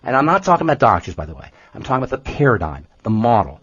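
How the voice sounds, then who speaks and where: A man explaining nutrition on a podcast with a lively, swooping delivery and a slightly husky voice. He repeats his points emphatically. The recording has a dull, lo-fi sound. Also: medium pitch, racing, no room sound. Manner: animated, emphatic, repeats himself. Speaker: health podcast co-host, nutrition expert. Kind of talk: casual explanatory podcast talk.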